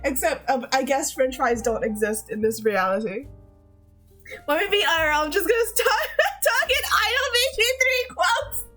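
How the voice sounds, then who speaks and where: Giggly high-voiced woman streamer. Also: lively intonation, moderate pace, sharp tone, soft background music. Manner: giggly, laughs often. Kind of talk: casual chat with chat.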